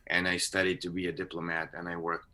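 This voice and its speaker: Low-voiced middle-aged Belarus-born actor. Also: male voice, monotone, fast talker, bright, forceful tone. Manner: thoughtful, with hesitant restarts and fillers. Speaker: voice and screen actor, guest. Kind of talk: casual interview conversation. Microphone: home microphone on a video call.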